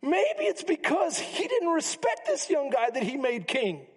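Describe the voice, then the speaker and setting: A male pastor, preaching a sermon, animated and humorous, acting out the voices in the story. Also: very high voice, unhurried. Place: church sanctuary. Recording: long reverb of a church hall.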